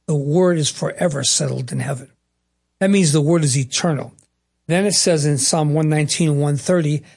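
A man's voice: fairly high pitch, darkish tone, husky. A middle-aged male pastor preaching a sermon on a broadcast program, emphatic and repeating his key phrases.

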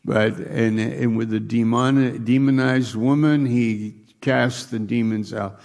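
A man's voice: medium pitch, steady tone, takes it slowly, darkish tone. A man preaching a sermon, reading scripture aloud and talking through it with restarts.

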